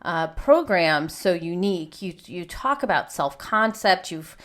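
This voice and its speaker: A woman's voice: on the low side, expressive, a little slow, a bit bright. A woman hosting a podcast interview, attentive and reflective as she responds to her guest. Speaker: podcast host.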